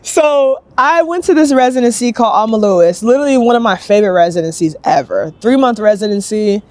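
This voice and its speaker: A woman's voice: fairly high pitch, expressive, a little mellow, no room sound. Chatty young woman sculptor. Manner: chatty, upbeat, quick bursts, acts out quoted voices. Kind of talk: casual interview storytelling.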